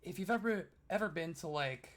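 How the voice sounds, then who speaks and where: A man's voice: high-pitched, expressive, brisk. A man narrating a tabletop game as game master, rambling through descriptions with many fillers.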